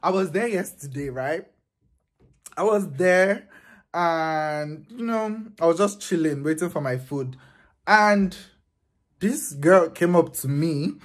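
A man, a vlogger telling a story in an animated, exasperated, profane casual rant. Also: a little high, slow pace.

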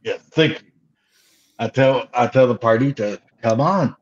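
A man playing in a tabletop game who speaks haltingly, often repeating his first words. His voice is mid-pitched. It comes through a dull, lo-fi mic. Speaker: player.

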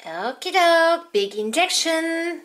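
A woman's voice: very high-pitched, animated, slow pace, fairly bright tone, slight background noise. A woman voicing dolls in a toy-play video, in a childlike, sing-song way. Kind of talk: toy play with doll voices.

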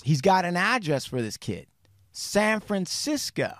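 A man's voice: sits high, no room sound, studio quality. A man hosting a podcast, telling a true crime story in casual chat, acting out the people he quotes and swearing freely. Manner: animated, acts out quotes, swears, speeds up and slows down. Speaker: podcast host.

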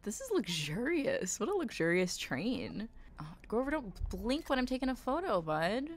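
A woman's voice: fairly high pitch, big pitch swings, moderate pace. Gushing, playful woman streamer. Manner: gushing, playful, dramatic reactions. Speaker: game streamer. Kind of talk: live-stream commentary.

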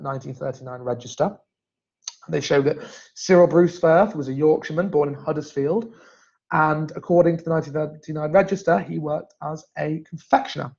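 A man presents family history in a loose, conversational live-stream manner, with a slightly raised pitch and a gravelly edge. He often backtracks and fixes his words mid-sentence. The sound is dull and lo-fi, like streamed web audio. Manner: chatty, self-correcting, frequent restarts. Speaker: genealogy presenter. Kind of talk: casual live-stream talk.

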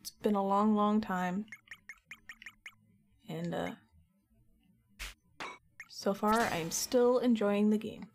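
A woman streamer talks casually while playing a game, rambling from one thought to the next. Her voice sits at an ordinary middle pitch. Faint music plays behind her. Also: takes it slowly, long pauses, darkish tone. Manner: chatty, rambling. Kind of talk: casual gameplay chat.

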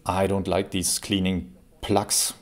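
A man, creaky after a cold, explaining an airgun in a relaxed, casual review with plenty of fillers. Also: low-pitched, slow pace. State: recovering from a cold. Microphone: camera mic while seated.

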